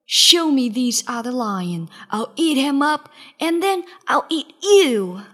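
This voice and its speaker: A woman's voice: high voice, sing-song, slow pace, exaggerated voice. A woman voicing a big, boastful, hungry male lion who roars his threats in a storybook reading. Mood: roaring. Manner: roaring, loud and menacing.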